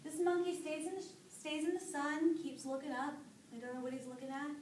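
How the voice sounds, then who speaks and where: A woman's voice: high voice, a little fast, recorded from a distance, a little hiss or hum. A young woman telling a folk tale to a live group in a casual, chatty way. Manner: chatty, animated, with fillers. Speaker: storyteller. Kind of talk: casual oral storytelling to an audience. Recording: echoey room, voice from off-mic.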